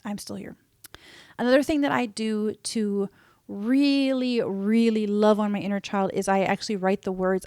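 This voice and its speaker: A woman hosting a podcast, talking about personal growth in a gentle, earnest, intimate way, speaking straight to her listeners. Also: medium pitch, steady tone, moderate pace, no room sound, studio quality. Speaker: podcast host. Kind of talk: reflective personal talk.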